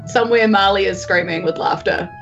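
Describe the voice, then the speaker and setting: A woman's voice: medium pitch, brisk, dull audio, over music. A woman player in a tabletop game, talking casually, swearing and searching for words.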